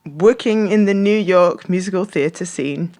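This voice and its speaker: A woman's voice: on the low side, a little slow, warm tone. A woman co-hosting a podcast in casual, teasing chat, often laughing as she talks. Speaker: podcast co-host.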